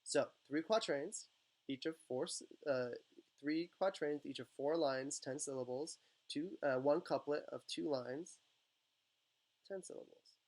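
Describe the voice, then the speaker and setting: A man teaching a writing class, explaining step by step in a loose, casual way with many fillers and quick check-ins. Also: fairly high pitch, a little mellow.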